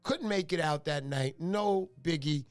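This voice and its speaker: A fishing show host in middle age does a casual livestream at home, greeting people by name with plenty of chatter and jokes. He speaks at a measured pace in a voice that's a little high.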